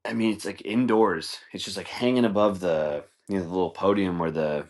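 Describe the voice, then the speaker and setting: Low-voiced man rambling comedically. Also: steady tone, fairly quick. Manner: rambling, profane, laughs often, acts out scenes. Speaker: podcast host. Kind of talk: casual comedic monologue.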